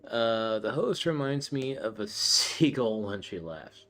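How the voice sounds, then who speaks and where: A man's voice: lowish voice, sing-song, measured pace, few pauses, fairly bright tone. A man hosting a podcast in casual chat, rambling and swearing with many fillers. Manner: rambling, profane, full of fillers. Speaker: podcast host.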